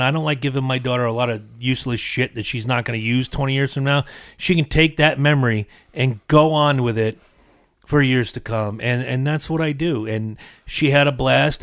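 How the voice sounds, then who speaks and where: A man's voice: mid-range voice, moderate pace, fairly bright tone, no room sound, studio quality. A middle-aged man hosting a podcast, telling a rambling, profane story in casual chat, a little congested from allergies. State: coughing from seasonal allergies. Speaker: podcast host.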